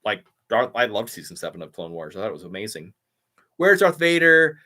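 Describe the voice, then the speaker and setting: A man's voice: fairly low pitch, very animated, brisk, pushed and bright. A man running a live stream Q&A, answering chat in an enthusiastic, rambling way full of fillers. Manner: enthusiastic, rambling fan talk with many fillers.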